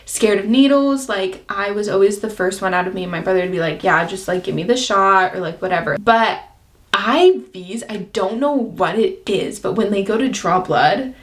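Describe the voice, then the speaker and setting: A woman's voice: mid-range voice, normal speed. A woman of twenty chatting as a beauty vlogger, telling a personal story full of "like" and acting out her own past reactions. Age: 20s. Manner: chatty, filler-heavy storytelling with many "like"s. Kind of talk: casual get-ready-with-me chat.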